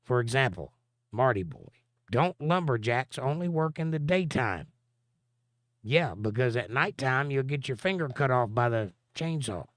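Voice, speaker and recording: A man's voice: medium pitch, expressive, measured pace, a bit bright, dry recording. Dry-humored man reading live chat. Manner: dry, joking and sarcastic. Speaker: livestream host. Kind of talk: casual livestream chat, reading viewer comments aloud.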